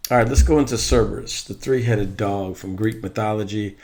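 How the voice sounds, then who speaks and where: Talking a little fast in a lowish, darkish voice, the Halloween prop reviewer chats loosely about animatronics for his vlog. His rambling takes keep looping back as he corrects himself.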